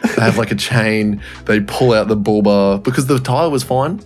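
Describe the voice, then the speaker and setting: A man's voice: lowish voice, moderate pace, soft background music. A man co-hosting a podcast, telling a story in casual chat, laughing often and swearing freely. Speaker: podcast co-host.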